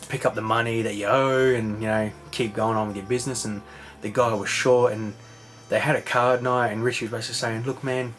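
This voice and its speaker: A man's voice: mid-range voice, fairly bright tone. A man rambling through a casual recap, full of fillers and swearing. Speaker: vlogger. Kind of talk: casual late-night recap chat.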